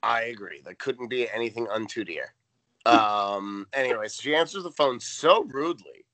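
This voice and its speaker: Bright-voiced man with dry wit. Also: medium pitch, lively intonation, normal speed. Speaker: podcast co-host. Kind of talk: casual recap chat.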